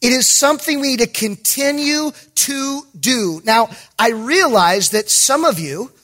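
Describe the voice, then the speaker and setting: A pastor giving an emphatic sermon, with jokey asides and bursts of raised voice. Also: male voice, very high-pitched, animated, measured pace, bright, forceful tone.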